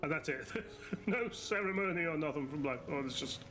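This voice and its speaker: A man casually commentating while he plays a video game, excitable, cheering and cursing at enemies. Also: fairly high pitch, moderate pace. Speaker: streamer playing a video game. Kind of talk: casual live commentary over gameplay. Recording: loud game music and combat sounds behind.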